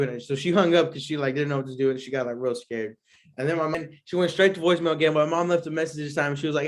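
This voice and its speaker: A young man with a somewhat high voice tells a long story on his podcast. He rambles along with plenty of slang and fillers and often breaks into laughter. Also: brisk. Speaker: podcast host. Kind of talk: casual storytelling.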